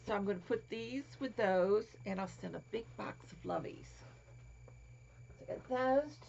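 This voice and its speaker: Woman, gravelly voice, cooing crafting vlogger, dull lo-fi recording with faint hiss. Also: medium pitch, normal speed, a little mellow. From Florida. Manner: cooing over small toys, drops to whispers. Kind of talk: casual show-and-tell vlog.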